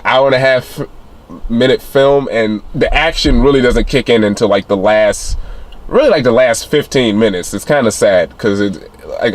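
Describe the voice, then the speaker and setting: A man casually recapping a film's plot as a reviewer, rambling with many fillers. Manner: rambling retelling with many fillers, acting out quotes in a higher voice. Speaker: film reviewer. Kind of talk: casual spoiler recap of a film.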